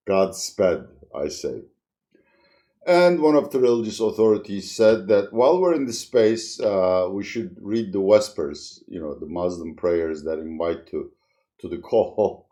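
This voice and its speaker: A man's voice: low-pitched, a little slow, mellow. A man hosting his own commentary channel, talking in a wry, sardonic way and chuckling as he explains things. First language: Turkish. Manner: wry, sardonic, chuckles through serious points. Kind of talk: solo video commentary.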